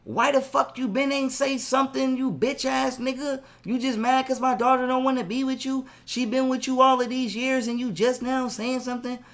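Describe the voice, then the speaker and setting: A woman's voice: high voice, fairly even intonation, moderate pace, few pauses, voice pushed up. A man quoting an angry cursing mother. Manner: cursing, accusing. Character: furious foul-mouthed mother on the phone.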